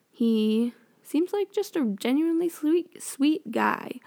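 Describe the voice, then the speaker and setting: A woman's voice: fairly high pitch, vocal fry, a little mellow. A young woman chatting casually and sarcastically as a vlogger recapping a TV show, full of opinions. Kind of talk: casual chat.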